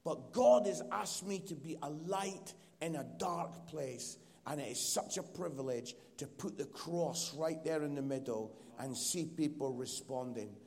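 A man's voice: on the high side, unhurried, few pauses, darkish tone. A man from Edinburgh with a Scottish accent, a guest preacher and comedian giving a chatty, teasing sermon with many fillers. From Scotland, Edinburgh. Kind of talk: casual, joking sermon talk. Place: church hall. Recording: long hall reverb.

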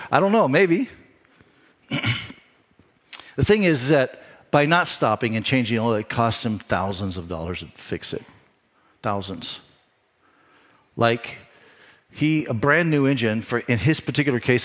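A middle-aged man delivering a sermon, telling a personal story in a conversational, animated way with frequent restarts. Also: mid-range voice. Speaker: pastor.

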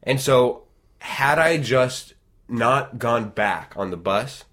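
A man telling a long personal story in casual chat, animated and rambling, with frequent restarts. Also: mid-range voice, takes it slowly.

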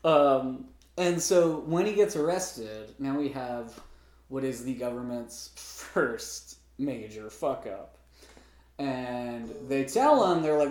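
A man's voice: mid-range voice, animated, slow, a little mellow. Wry man telling a story in a roomy echo. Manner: wry, profane storytelling with asides. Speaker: podcast co-host recapping a film. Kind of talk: casual chat.

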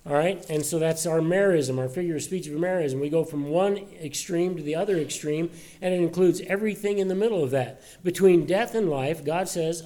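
Mellow-voiced male preacher reading scripture. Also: a little high, moderate pace. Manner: reads scripture aloud, rising in force on key verses, then explains them plainly. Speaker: pastor. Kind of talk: sermon.

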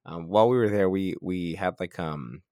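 On a health podcast, this male co-host, a strength coach, keeps things loose and joking and laughs frequently. He speaks at a normal pace in a low, mellow voice, captured in studio quality with no room sound.

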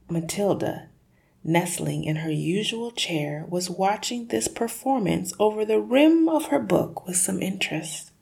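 A woman reading a children's book aloud in a lively, dramatic storytelling voice. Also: sits low, a little slow, gravelly. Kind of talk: expressive read-aloud narration.

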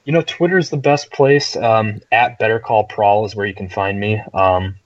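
A low-pitched man rambles at length as a podcast guest reviewing games. His talk is wordy and loose. The audio is dull and lo-fi. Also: steady tone, moderate pace. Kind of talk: casual podcast chat.

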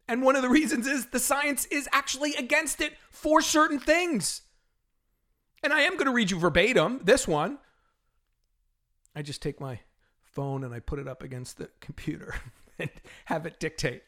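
A middle-aged man hosting a solo fitness podcast, talking in an animated, exasperated rant with frequent laughs. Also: high voice. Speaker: podcast host and fitness trainer.

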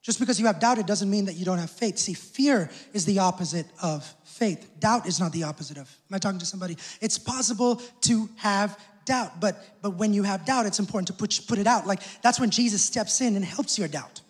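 High-voiced man preaching in a reverberant hall. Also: fairly quick, few pauses, husky. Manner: emphatic preaching with call-outs to the congregation. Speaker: pastor. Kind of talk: sermon. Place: church hall. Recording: long church hall reverb.

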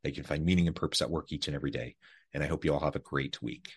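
A man's voice: a bass voice, rapid-fire. A man hosting a podcast, thanking his guest and reading the show's sign-off. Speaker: podcast host. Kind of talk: scripted podcast outro. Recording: podcast audio with music underneath.

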